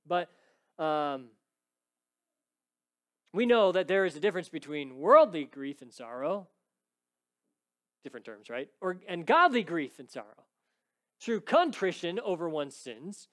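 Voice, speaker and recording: A man preaching an expository sermon, emphatic and rising to pleading intensity when quoting scripture, often checking in with "right?". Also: high voice. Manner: frequent "right?" checks with the congregation. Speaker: pastor.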